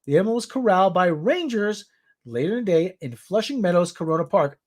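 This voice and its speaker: A man hosts a casual news roundup. His voice sits high and swings widely in pitch. He rambles and tosses in jokey asides. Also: animated, brisk. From New York area. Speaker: show host.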